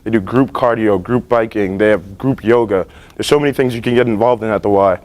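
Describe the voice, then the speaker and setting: A young man in his late teens giving a class presentation about his internships, earnest and relaxed, with many fillers and restarts. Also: on the low side, fairly quick. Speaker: student presenter. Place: school library.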